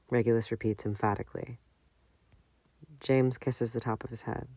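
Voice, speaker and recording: A man reading a fan-fiction audiobook aloud in a measured, unhurried way. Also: mid-range voice, little pitch movement, darkish tone, dry recording. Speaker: audiobook narrator.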